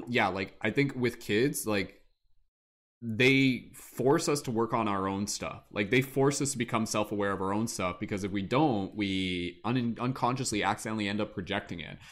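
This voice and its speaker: Guy hosting a podcast circle, lowish voice, reflective, passing it to the next person. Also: normal speed, fairly bright tone. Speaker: podcast host. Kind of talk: casual group discussion.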